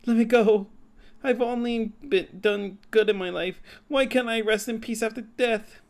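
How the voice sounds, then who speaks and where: A man's voice: high-pitched, moderate pace, gravelly, smooth, voice pushed up. A man voicing a frightened man in a game who believes he has died, pleading to be let go. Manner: pleading, panicky.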